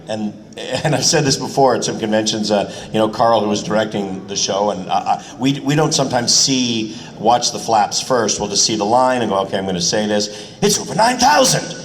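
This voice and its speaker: A man's voice: on the low side, long reverb tail. A man appearing as a voice actor guest on a convention panel, explaining dubbing and acting out line readings.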